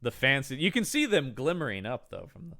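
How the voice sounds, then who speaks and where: A man's voice: sing-song, a little fast, sharp tone. A man co-hosting a podcast, chatting casually about a horror movie and joking as he acts out lines from it. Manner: jokey, acts out quoted characters with sudden high pitch jumps. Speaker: podcast co-host. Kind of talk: casual movie review chat.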